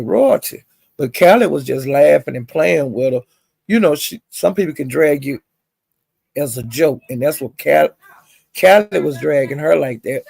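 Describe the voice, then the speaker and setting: Here a man with a fairly high, gravelly, slightly rough voice tells gossip on his vlog, calling his audience honey and child. The recording has no echo, and his retelling is lively, complete with impressions of other people's quotes.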